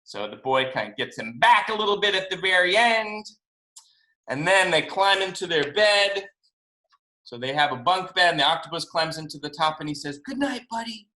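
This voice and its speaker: Man reading a storybook to children, animated delivery, very bright tone, roomy video call sound. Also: a little high, normal speed. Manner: animated, expressive, asks kids questions. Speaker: children's author. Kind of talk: storybook reading to first graders.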